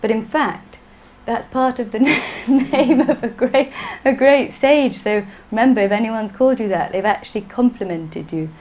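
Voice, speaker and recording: A woman's voice: fairly high pitch, moderate pace, few pauses, darkish tone, low-quality recording. A woman teaching a class, patient and playful, often laughing. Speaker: Sanskrit teacher. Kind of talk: classroom lesson.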